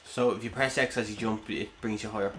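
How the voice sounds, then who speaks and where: A man chatting casually while playing a game, relaxed and hesitant with many fillers. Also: on the low side, fast. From Ireland. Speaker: gaming podcast co-host.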